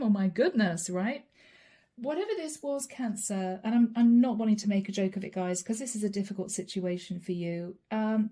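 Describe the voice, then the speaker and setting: Mellow-voiced woman giving a chatty tarot reading. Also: mid-range voice. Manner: chatty, addresses viewers directly, reads cards aloud. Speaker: tarot card reader. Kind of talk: channeled tarot reading to viewers.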